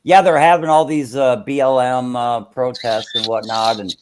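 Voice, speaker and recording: A man's voice: mid-range voice, fairly even intonation, normal speed, clean tone. A man chatting casually on a stream, hesitant and full of fillers. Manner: hesitant, filler-heavy, chuckling. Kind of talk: casual chat.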